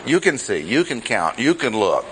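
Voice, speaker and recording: A man teaching a Bible study class, speaking deliberately and repeating key phrases for emphasis. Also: medium pitch, very animated, fairly bright tone, a little hiss or hum, low-quality recording.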